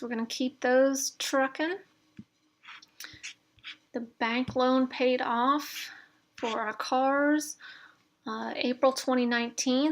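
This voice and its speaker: A middle-aged woman with a slightly high voice talks through her budgeting spreadsheet like a friendly screen-share lesson. She is chatty and encouraging, stumbling now and then with fillers and quick corrections as she explains the numbers. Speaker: instructor demonstrating a debt spreadsheet. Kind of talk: casual screen-share tutorial.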